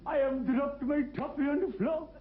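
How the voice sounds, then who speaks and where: A comedian putting on a flustered, fussy high-voiced man. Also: fairly even intonation, normal speed. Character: flustered man fumbling under a stadium seat. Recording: tinny worn 1970s TV tape.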